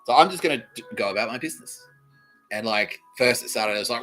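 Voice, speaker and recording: A man's voice: lowish voice, fast talker, soft background music, low-quality recording. A man hosting a podcast, telling a rambling comedic story full of swearing and acted-out quotes. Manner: swearing, animated, acts out quoted voices. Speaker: podcast host.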